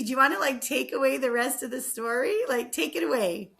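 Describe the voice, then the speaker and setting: A woman co-hosting a casual podcast chat, telling a story in an animated way with lots of "like" and "um". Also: high-pitched, a little fast, creaky, hardly any pauses. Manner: animated storytelling with frequent fillers. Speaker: podcast co-host.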